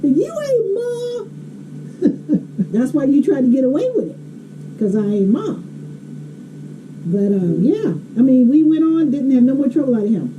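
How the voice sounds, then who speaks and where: A woman's voice: high voice, big pitch swings, moderate pace, mellow. A woman telling a story in a blunt, emphatic way, laughing often. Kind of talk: casual storytelling. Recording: slightly dull, faint hiss.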